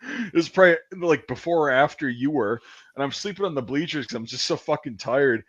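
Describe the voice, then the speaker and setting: A man's voice: on the high side, a little fast. A man hosting a casual chat, telling army stories in a loose, profane way. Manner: animated, profane storytelling. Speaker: podcast host. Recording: dull lo-fi sound.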